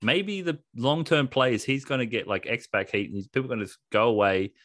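A man co-hosting a casual wrestling podcast, talking in an animated, sarcastic way and laughing often. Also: mid-range voice, fairly quick, no room sound, clean studio sound. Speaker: podcast co-host.

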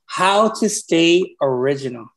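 A man from California joins a podcast as a guest, his voice pitched a little above the usual male range. He tells candid, rambling stories and swears casually along the way. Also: expressive, measured pace, a bit bright. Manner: rambling, candid storytelling with profanity.

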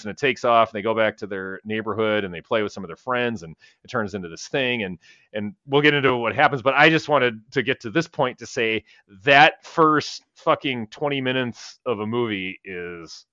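A man rambles through a movie recap on a podcast, cursing casually and laughing at his own retelling. His voice is bright and forward. The recording is dry and slightly muffled, like a home podcast setup. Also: mid-range voice, moderate pace, no room sound. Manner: rambling, profane, laughs while retelling scenes. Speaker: podcast co-host. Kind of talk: casual movie review chat. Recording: slightly dull lo-fi podcast audio.

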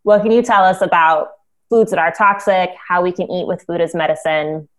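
A woman's voice: lowish voice, fairly even intonation, moderate pace, a bit bright. A woman hosting a podcast who responds with enthusiasm and asks her guest questions in a casual chat. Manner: enthusiastic, affirming reactions. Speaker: podcast host.

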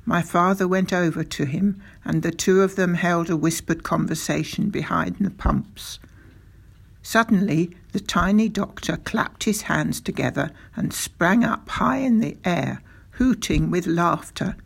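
A storybook narrator reading a first-person tale aloud at a slow, unhurried pace. The voice is gravelly and husky, settling into an even storytelling rhythm. Every line is given room to land. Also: medium pitch. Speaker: audiobook narrator.

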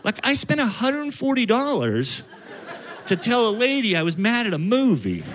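Profane, lively stand-up comic man. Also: very high-pitched, normal speed. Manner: profane, ranting delivery. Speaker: stand-up comedian. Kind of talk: stand-up comedy set. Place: comedy stage before a live audience. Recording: live set with loud crowd and room noise. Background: audience laughter.

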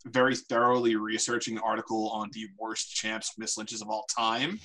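A man joking along on a discussion panel, with a bright, forceful voice. He talks playfully with a mock-grandiose flair. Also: medium pitch. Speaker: panelist and article writer.

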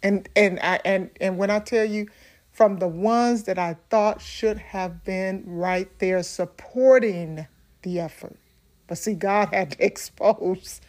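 A woman's voice: mid-range voice, slow pace. Middle-aged woman minister, earnest testimony, frequent laughs, repeated words for emphasis. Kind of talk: personal testimony talk.

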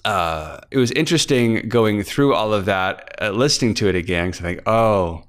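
A man's voice: deep voice, smooth. A man from Kansas, an author hosting his podcast, chatting casually behind the scenes with lots of fillers and restarts. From Kansas, USA. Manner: rambling, many fillers and restarts.

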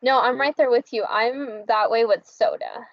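A woman chatting casually on a podcast, relaxed and agreeable, full of fillers. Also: on the high side, normal speed, vocal fry, no echo, dull audio. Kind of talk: casual chat.

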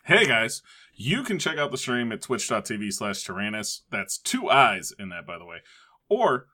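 A man's voice: medium pitch, very animated, normal speed, bright, forceful tone. A man co-hosting a podcast, rattling off offhand plugs and crude jokes. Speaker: streamer and podcast co-host. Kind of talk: casual chat, reading plugs.

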